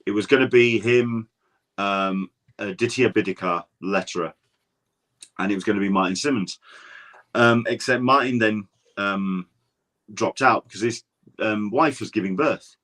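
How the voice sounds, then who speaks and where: A man's voice: on the low side, moderate pace, pauses often, a bit bright. An English man, a guest podcaster, telling stories in casual chat, rambling with frequent restarts. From England. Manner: rambling anecdotal storyteller, many restarts.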